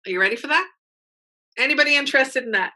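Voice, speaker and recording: An upbeat woman teaches an online workshop in a chatty, encouraging way. Her voice sits a little high and sounds bright and forceful, and she keeps checking in with her listeners as she talks. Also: quick pace, poor audio. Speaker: mental game coach.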